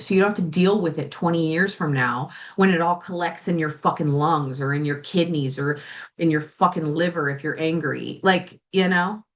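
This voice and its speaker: A woman's voice: fairly low pitch, highs cut off. A woman hosting a coaching podcast and talking to the listener about grief, candid and swearing freely, at times close to tears. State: tearful at times. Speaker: life coach and podcast host. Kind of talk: solo podcast monologue.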